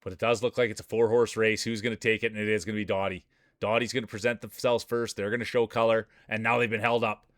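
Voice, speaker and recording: A man's voice: fairly low pitch, little pitch movement, fast talker, fairly bright tone, no echo, clean studio sound. A man streaming live, commentating marble races in a chatty way and greeting viewers by name. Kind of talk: play-by-play commentary.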